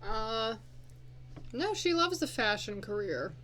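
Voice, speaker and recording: A woman's voice: a little high, very animated, takes it slowly, a bit bright, slight background noise. A young woman hosting a casual game commentary, chatting and swearing at her characters as she plays. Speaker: let's play host.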